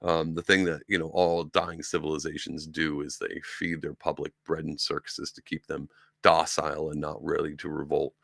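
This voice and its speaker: A man's voice: extremely low pitch, flat delivery, moderate pace, gravelly, a bit bright, no room sound, studio quality. A man hosting a solo talk show, rambling and sarcastic, with lots of ums and restarts. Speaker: podcast host. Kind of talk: casual solo commentary. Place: room with sci-fi collectibles behind him.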